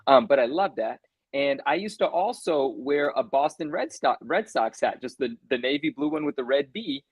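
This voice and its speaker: A man's voice: mid-range voice, moderate pace, breathy edge, dry recording. A man co-hosting a casual livestream, telling rambling stories and checking in with "right?" as he goes. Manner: rambling, animated storytelling with lots of "right?". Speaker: co-host.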